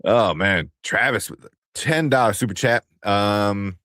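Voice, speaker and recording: A man in his thirties co-hosting a casual chat, acting out stories about his kids with big jumps in pitch. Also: a little slow, bright, forceful tone, no echo, studio quality. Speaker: podcast co-host.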